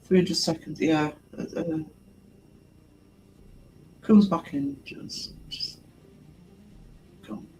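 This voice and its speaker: A man's voice: fairly high pitch, sing-song, drawn-out words, gravelly, pauses often, darkish tone, slight background noise, rough recording. A man hosting a livestream, chatting casually with viewers and laughing often. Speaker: livestream host. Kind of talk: casual livestream chat reading comments.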